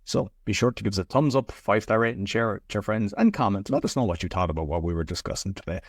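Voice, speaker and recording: A man's voice: on the low side, fast talker, no echo, clean studio sound. A man hosting a podcast, speaking in a friendly, encouraging way and praising his guest. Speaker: podcast host. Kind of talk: podcast interview chat.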